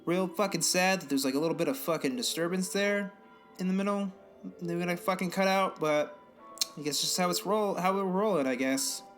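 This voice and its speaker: A young man chats on a home podcast in a fairly high voice, rambling and swearing freely as he rants. Faint music plays underneath. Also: a little fast, a bit bright. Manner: rambling, profane, exasperated ranting. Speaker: podcast co-host. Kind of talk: casual podcast chat.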